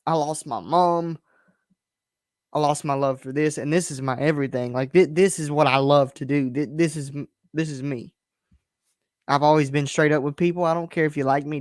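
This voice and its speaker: A man's voice: a little high, steady tone, moderate pace, darkish tone, no echo, studio quality. Candid, rambling young man streaming from bedroom. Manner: candid, rambling, frustrated, blunt. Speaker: podcast host. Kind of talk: casual solo stream rant.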